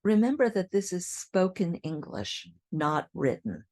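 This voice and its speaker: Slow, careful woman teaching English. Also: fairly low pitch, very animated, warm tone, dry recording, clean studio sound. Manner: clear, deliberate modeling of example sentences.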